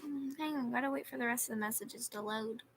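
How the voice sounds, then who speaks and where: A woman's voice: a little high, brisk, slight background noise, rough recording. A young woman on a livestream reading chat messages aloud and telling a story in a sarcastic, complaining way.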